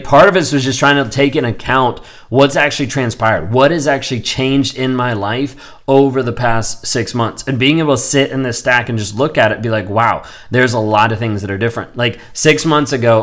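A man's voice: medium pitch, brisk, a bit bright. A man in his thirties talking earnestly in a reflective personal vlog, rambling with frequent fillers. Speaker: vlogger.

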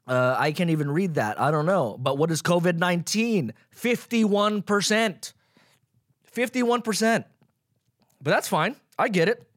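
A young man hosting a solo podcast, ranting sarcastically with plenty of swearing, swinging from loud mock outrage to mumbled asides. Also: on the high side, lively intonation, fairly quick, few pauses, dry recording, clean studio sound. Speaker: podcast host. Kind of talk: casual solo podcast rant.

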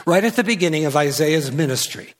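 Brisk and lively in intonation, an older man with a slightly high voice preaches as a guest pastor from a church pulpit. His manner is teasing and jokey, with restarts and asides, and the recording has long hall reverb.

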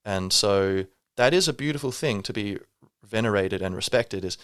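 Low voiced guy rambling thoughtfully on his podcast, lots of ums, dry close sound. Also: moderate pace, a bit bright, clear, resonant tone, no echo. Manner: rambling, thoughtful, many fillers and restarts. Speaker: podcast host. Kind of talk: reflective solo monologue.

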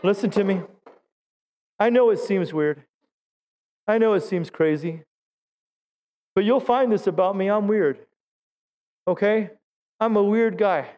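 High-voiced man preaching with fervor. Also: a little slow, long pauses, mellow. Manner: exhorting, calls for audience response; self-deprecating humor. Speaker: pastor. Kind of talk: Pentecostal sermon. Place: church sanctuary.

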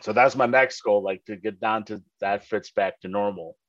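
A man's voice: lowish voice, no room sound. Rambling young man on a muffled line. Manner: rambling, halting, full of "like". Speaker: podcast guest. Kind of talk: casual chat.

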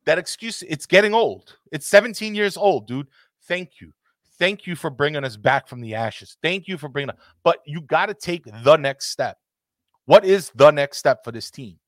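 Male podcast host, heated ranter, swears a lot, higher pitch. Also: lively intonation, moderate pace, no echo, clean studio sound. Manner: passionate, ranting, swears freely. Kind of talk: heated casual football talk.

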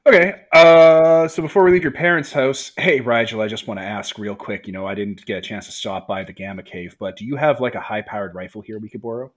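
A man's voice: medium pitch, fairly even intonation, fairly quick, hardly any pauses. A man joking and swearing casually as a player in a tabletop game.

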